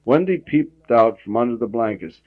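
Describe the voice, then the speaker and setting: Man, storybook reading aloud, expressive, middle pitch, muffled 1960s home tape recording. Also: moderate pace, dry recording. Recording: dull 1960s home audiotape.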